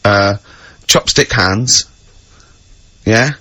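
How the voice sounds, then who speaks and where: A man's voice: lowish voice, drawn-out words, pushed and bright. A man hosting a comedy radio chat show, laughing often and spinning silly hypotheticals in a radio studio. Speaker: radio host.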